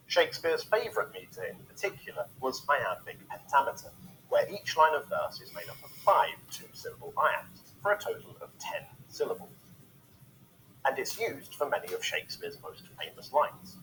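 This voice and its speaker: Lively-voiced male lesson narrator. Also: mid-range voice, poor audio. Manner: measured, explanatory delivery. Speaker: narrator of an educational video. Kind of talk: scripted narration.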